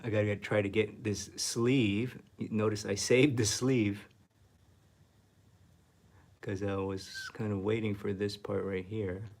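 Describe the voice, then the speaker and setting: Man, art teacher painting on camera, low gravelly voice, mutters and whispers self-critically. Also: steady tone, unhurried, darkish tone. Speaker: art instructor. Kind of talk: painting demo with self-talk.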